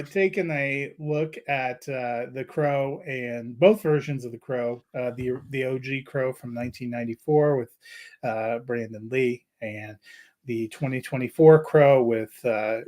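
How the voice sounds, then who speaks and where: A man co-hosting a movie review podcast, with a voice of ordinary middle pitch. He talks casually and rambles, filling his pauses with plenty of "uh"s. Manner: relaxed, rambling with many "uh" fillers. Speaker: podcast co-host.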